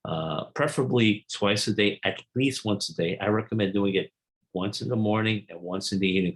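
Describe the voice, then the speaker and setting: A man's voice: deep voice, rough recording. A man giving an earnest, explanatory summary of a self-help book, reading quotes aloud and then explaining them.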